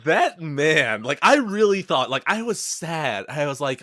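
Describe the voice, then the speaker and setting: A man co-hosting a casual film podcast, talking in an excitable, playful way, swearing and quick to laugh. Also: fairly high pitch, no room sound, studio quality. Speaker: podcast co-host.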